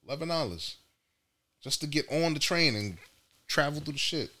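A man's voice: fairly high pitch, normal speed. A man on a casual podcast, telling a story and acting out the voices in it. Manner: animated storyteller acting out quotes in raised voices. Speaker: podcast co-host.

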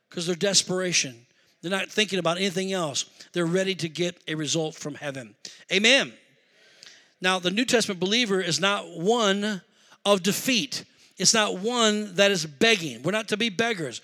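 A man preaches a sermon, his voice sitting high and sounding bright and forceful. He moves from quiet personal storytelling into fervent, rising exhortation. He sounds middle-aged and speaks with the ease of a practiced pastor. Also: normal speed.

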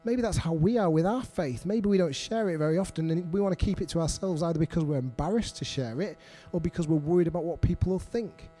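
A man's voice: on the high side, fast, hardly any pauses, dark tone, soft background music. A middle-aged man preaching a sermon, earnest and repetitive, putting questions to the congregation.

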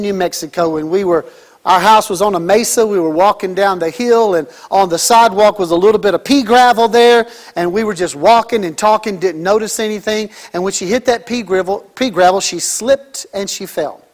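Middle-aged guy pastor, really high voice, preaching a sermon, goes loud then real quiet. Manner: animated preaching with sudden loud and soft swings.

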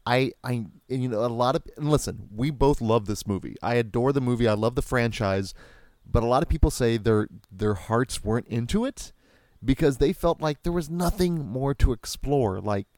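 Podcast co-host: wry, rambling man, average pitch, dry studio mic. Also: moderate pace, a little mellow, no echo. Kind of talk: casual movie commentary chat.

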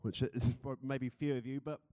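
This young British pastor preaches with a warm, medium-pitched voice, a flat delivery and a moderate pace, yet stays playful and chatty, laughing easily and leading the congregation in a game. The studio sound is clean, with no room sound.

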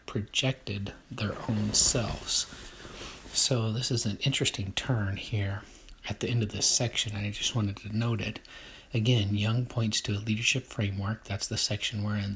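A man reading a text on leadership aloud, then commenting on it in a hesitant, measured way. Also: on the low side, fairly bright tone, breathy edge.

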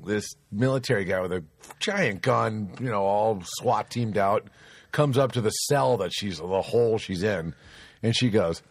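A man's voice: on the low side, measured pace, vocal fry, dry recording, clean studio sound. A man hosting a crude, casual podcast chat, rambling through movie scenes with lots of swearing. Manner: rambling retelling of movie scenes, profane, laughing. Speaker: podcast host.

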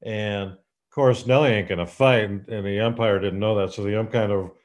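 A man hosting a casual podcast interview, his voice sitting low. He chats easily and laughs as he retells stories. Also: steady tone, a little fast. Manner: chatty, laughs while telling anecdotes. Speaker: podcast host.

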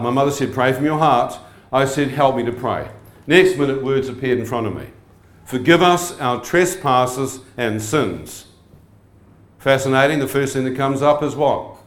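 A man telling his testimony as a lively sermon to a live audience, joking and often asking the crowd questions. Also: mid-range voice, normal speed. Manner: humorous, asks the crowd frequent questions. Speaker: preacher giving testimony. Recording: echoey hall.

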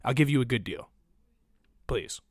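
A man's voice: medium pitch, lively intonation, normal speed, heavy background noise. Man doing a rambling mock sponsor read. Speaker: podcast host.

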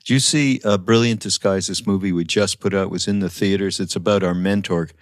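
Deep-voiced older man telling stories. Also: fairly even intonation, brisk, dry recording, clean studio sound. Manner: reflective storyteller, acts out quoted voices. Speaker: podcast guest. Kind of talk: casual conversation.

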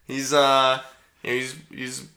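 A man's voice: medium pitch, completely flat delivery, slow pace, pushed and bright. A young man co-hosting a podcast, chatting casually about sports with jokes and rambling asides. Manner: joking, rambling with fillers. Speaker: podcast co-host.

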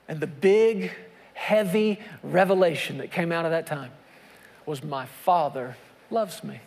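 A male pastor with a high voice preaches with emphasis and returns to the same phrases. His words ring out with a long reverb, as in a large church sanctuary. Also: measured pace, gravelly, a little mellow. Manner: repetitive, emphatic preaching with scripture reading. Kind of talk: sermon.

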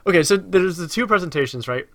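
A man co-hosting a casual film discussion, animated and laughing as he talks. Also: high voice. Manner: animated, laughing, quick to agree. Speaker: podcast co-host.

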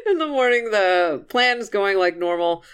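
A young man with a fairly high voice tells a movie's plot in loose, casual podcast chat. He keeps it animated and profane, and he laughs a lot as he goes. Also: slow, clear, resonant tone. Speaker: podcast host.

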